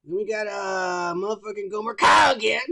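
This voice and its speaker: A man co-hosting a podcast in casual chat, reading out comments, crude and loud, often laughing and shouting. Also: high voice, steady tone, brisk, vocal fry. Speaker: podcast co-host.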